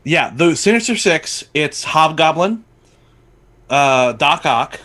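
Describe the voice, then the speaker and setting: Casting note: slightly high-voiced male co-host, excitable, rambling, swears freely. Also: slow pace. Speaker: podcast co-host. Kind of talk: casual chat.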